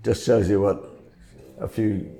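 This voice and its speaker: A man recounting music-industry stories in a halting way, often repeating words. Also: fairly low pitch, steady tone, creaky, mellow. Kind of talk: casual chat, anecdotes.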